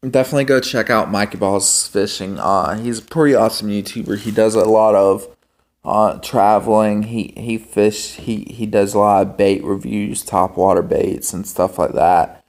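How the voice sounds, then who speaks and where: A young man vlogging in a casual, rambling monologue, halting with many ums and restarts. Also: lowish voice, steady tone, a little mellow. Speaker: homestead vlogger.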